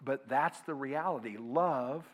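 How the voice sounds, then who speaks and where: With a mid-range voice and a slow delivery, a male pastor preaches to his flock, asking them to answer aloud while switching between booming emphasis and quiet asides.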